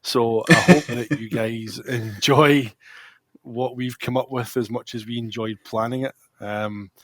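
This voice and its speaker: A man co-hosting a casual chat, quick with banter and laughing often. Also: mid-range voice, fairly even intonation, fairly bright tone, no room sound. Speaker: podcast co-host.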